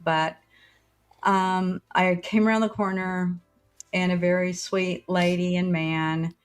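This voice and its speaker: A woman's voice: fairly low pitch, little pitch movement, slow, smooth. An older woman co-hosting a podcast with her son, telling a folksy story in a chatty way and acting out the lines of the people in it. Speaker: podcast co-host. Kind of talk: casual chat, telling a story.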